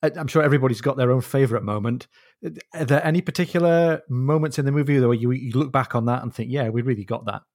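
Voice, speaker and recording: A man's voice: medium pitch, quick pace, a little mellow. Eager male podcast host. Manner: eager, interjecting with short affirmations. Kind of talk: casual interview chat.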